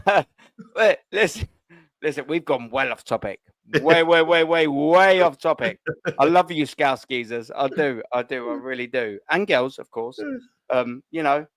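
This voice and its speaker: A man's voice: on the high side, measured pace, a bit bright, dry recording. A man hosting a live fan chat, joking, laughing and swearing a lot. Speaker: live stream host.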